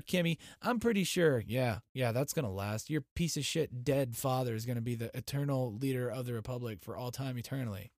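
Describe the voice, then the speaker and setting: A young man hosting a podcast, ranting in a profane, mocking way that swings from loud outbursts to low muttering. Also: no echo, clean studio sound. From United States. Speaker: podcast host. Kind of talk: profane comedic rant.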